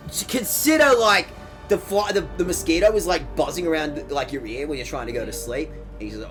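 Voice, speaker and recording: A man's voice: fairly high pitch, moderate pace. A man streaming a game, joking and riffing in casual chat while swearing freely. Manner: jokey, riffing, swearing, lively bits. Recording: music playing behind.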